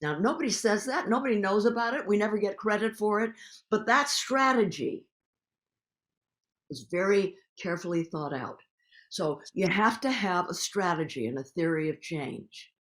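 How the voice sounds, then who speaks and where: Older woman, activist guest, passionate emphatic talker, middle pitch. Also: moderate pace. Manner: animated, emphatic storyteller. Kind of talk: recorded public conversation.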